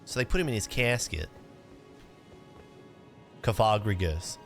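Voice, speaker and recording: A man's voice: low-pitched, normal speed, long pauses, soft background music. A young man chatting casually on a livestream while gaming, laid-back and rambling, cursing now and then. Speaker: streamer.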